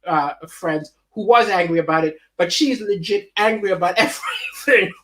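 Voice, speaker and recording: A male comedian with a high voice does a stand-up monologue on a livestream from home. He is animated, swings widely in pitch and chuckles between jokes. He talks to the camera as if to a room. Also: moderate pace.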